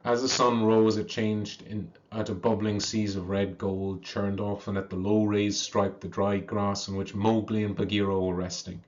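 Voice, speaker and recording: A man reads a classic story aloud in a slow, measured way, chanting its verse passages. His voice sits low, and the recording is dull and lo-fi. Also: flat delivery.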